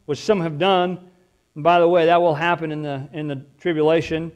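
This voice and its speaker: A man's voice: on the high side, fairly even intonation, normal speed, a little mellow, clear, resonant tone. A male pastor preaching a sermon in a conversational, emphatic way, throwing out rhetorical questions.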